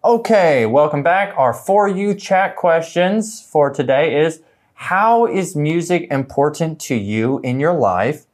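A man co-hosting an English lesson, reading example sentences slowly and clearly, then chatting casually. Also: on the high side, expressive, faint music behind. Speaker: English teacher co-host.

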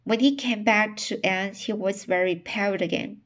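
A woman reading a novel aloud, often stumbling over words and starting phrases again. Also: mid-range voice. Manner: reads slowly with frequent stumbles and restarts. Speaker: narrator.

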